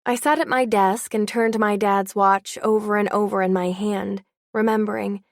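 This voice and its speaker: Young woman reading an audiobook, wry and confiding, bit of vocal fry, dry close sound. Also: medium pitch, steady tone, normal speed, dry recording. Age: young adult. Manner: wry, confiding first-person voice. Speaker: audiobook narrator. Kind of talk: first-person audiobook narration.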